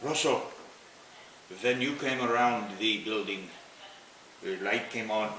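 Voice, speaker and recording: A man's voice: lowish voice, slow pace, bright, forceful tone. A man voicing an older German woman neighbor, speaking broken English with a heavy German accent, recorded from a distance in a roomy, noisy space. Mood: urgent.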